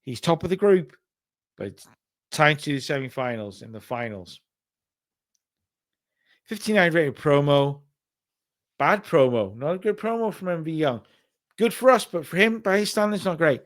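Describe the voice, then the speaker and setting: A man with a fairly high voice casually narrates a wrestling sim playthrough. He chats through the results, relaxed and offhand. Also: moderate pace, long pauses. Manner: casual, chatty recapping. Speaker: game commentator.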